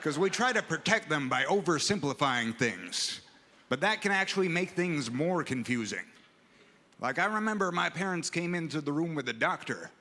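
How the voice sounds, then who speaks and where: A man doing stand-up in a slow, deadpan, stoned-sounding delivery. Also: fairly high pitch. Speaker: stand-up comic. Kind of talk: stand-up comedy. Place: comedy club stage. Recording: reverberant hall with room noise.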